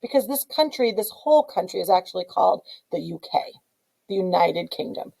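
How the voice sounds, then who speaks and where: A woman's voice: medium pitch, expressive, moderate pace, vocal fry, warm tone, rough recording. A middle-aged woman tells a silly memory story as a lesson. She puns freely and points out shapes on a map as she goes, in a playful, easy manner. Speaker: teacher.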